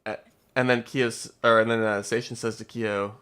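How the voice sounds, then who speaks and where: A man's voice: lowish voice, little pitch movement, moderate pace, fairly bright tone, smooth. A young man plays a tabletop game and narrates his character's moves. He talks casually, stopping and restarting as he goes. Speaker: player.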